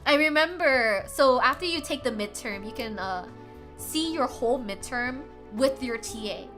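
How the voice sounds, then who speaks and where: A young woman streaming, telling a story to her chat in a casual, animated way, laughing often and swearing freely. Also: high voice, moderate pace, music in the background. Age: young adult. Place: home streaming setup.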